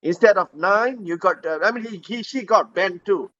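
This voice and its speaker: A man's voice: sits high, normal speed, fairly bright tone. A man teaching an IELTS class in a chatty, joking way, laughing often and acting out sample student answers. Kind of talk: live online class. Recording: dull lo-fi sound with faint hiss.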